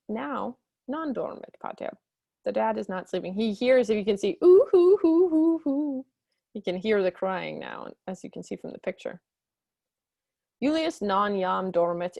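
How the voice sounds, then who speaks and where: A woman teaching Latin, reading lines slowly and then explaining them quickly in English. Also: gravelly, dry recording, studio quality. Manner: acts out characters with high squeaky voices. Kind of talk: explaining a textbook story.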